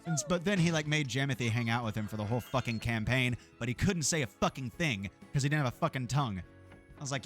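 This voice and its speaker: A man's voice: mid-range voice, animated, normal speed, a bit bright. A man with a middle-range voice chats loosely while playing a game. He rambles, swears freely and laughs easily. Faint game music plays underneath. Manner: profane, rambling, laughs often. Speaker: game streamer. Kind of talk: casual gameplay chat.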